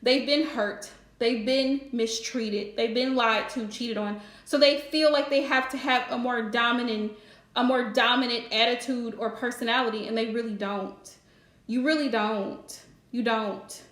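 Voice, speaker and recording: A woman's voice: a little high, steady tone, unhurried, fairly bright tone, echoey room. A woman hosting a live stream and giving relationship advice in a chatty, direct way, laughing often. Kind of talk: casual live-stream chat.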